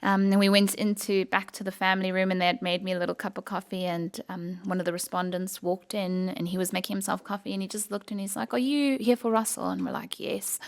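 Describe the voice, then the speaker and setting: A woman from South Africa, a podcast guest, telling a personal story with emotion and many pauses. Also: medium pitch, flat delivery.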